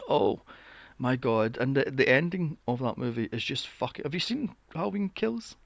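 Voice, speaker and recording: A man's voice: mid-range voice, expressive, normal speed, vocal fry, dry recording, muffled recording. A man hosting a podcast, ranting about films in a casual, exasperated and profane way. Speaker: podcast host. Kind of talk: casual film review rant.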